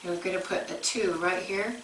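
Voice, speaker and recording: Bright-voiced woman teaching music. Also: on the low side, fairly even intonation, brisk, roomy sound, far from the mic, slight background noise, low-quality recording. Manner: explains step by step, breaks into sung examples.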